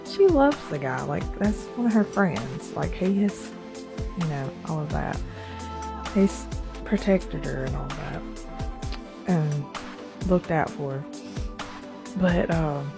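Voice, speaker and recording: A woman with a low, gravelly voice tells a story at an unhurried pace. She rambles casually and keeps dropping in "like" and "you know." Faint music plays under her. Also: lively intonation.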